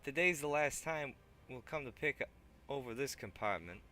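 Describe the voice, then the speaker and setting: Man doing a thuggish male gang leader, game dialogue, loud, pitched up, drifting fake accent, bright forceful tone. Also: animated, normal speed, a little hiss or hum. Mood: grumbling. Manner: loud, boastful and wheedling, with a put-on accent that drifts. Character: big pockmarked male gang leader, brash thug. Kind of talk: reading game dialogue aloud.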